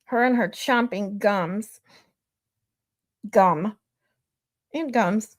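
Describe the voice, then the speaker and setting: A woman's voice: medium pitch, very slow. A middle-aged woman hosting a livestream who chats casually with viewers, rambles off on tangents, reads out their comments and laughs often. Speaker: livestream host.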